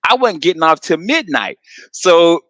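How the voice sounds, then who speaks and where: Lively, excitable man in slangy banter. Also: fairly high pitch, measured pace, no echo. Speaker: radio show co-host. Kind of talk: casual banter.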